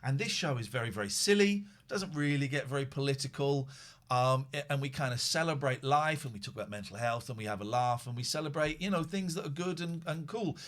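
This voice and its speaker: Bright, lively middle-aged male host, excitable and rambling; casual live-stream chat. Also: mid-range voice, fairly quick. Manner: animated, excitable, rambling with restarts. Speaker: show host.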